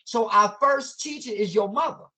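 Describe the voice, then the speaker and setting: An educator appearing as a guest teaches with impassioned, preacher-like fervor in a conversational way. His voice is high-pitched, pushed and bright at a normal speed, and he poses many rhetorical questions using casual vernacular grammar.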